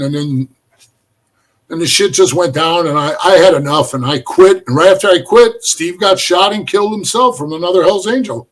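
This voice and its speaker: Middle-aged male guest, a high-pitched, animated storyteller who swears freely. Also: fairly quick. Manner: animated, profane, addresses the host as bro. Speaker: podcast guest. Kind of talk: storytelling in casual conversation.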